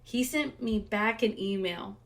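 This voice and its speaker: Woman podcast cohost, chatty, animated storyteller, laughs a lot, mid pitch. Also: measured pace, heavy background noise. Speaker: podcast co-host. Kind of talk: casual chat.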